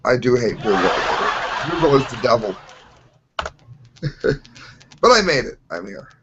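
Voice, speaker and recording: A man's voice: mid-range voice, big pitch swings, a little slow, noisy background. A male guest chatting casually with wry remarks over a video call. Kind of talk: casual podcast chat. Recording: dull lo-fi call audio.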